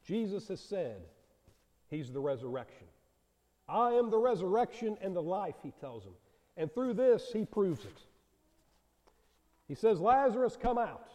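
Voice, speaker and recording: A man's voice: sits high, very animated, measured pace, long pauses, mellow. A man preaching a sermon to a congregation, earnest and asking them direct questions. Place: church sanctuary. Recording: long hall reverb.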